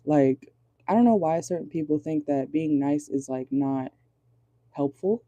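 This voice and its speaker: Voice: mid-range voice, unhurried, mellow, dry recording, lo-fi sound. A chatty tarot reader giving a casual, blunt reading from inside a car, swearing freely and laughing often.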